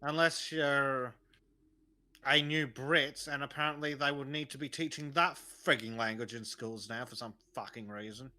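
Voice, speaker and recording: A man's voice: medium pitch, fairly even intonation, moderate pace, bright, forceful tone. A man who is a guest on a casual stream, talking bluntly and crudely.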